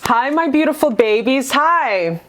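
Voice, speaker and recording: A woman's voice: high voice, expressive, a little slow, a bit bright, a little hiss or hum. A woman giving a casual tarot reading to camera, gushing and affectionate, full of profanity and slang. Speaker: tarot reader.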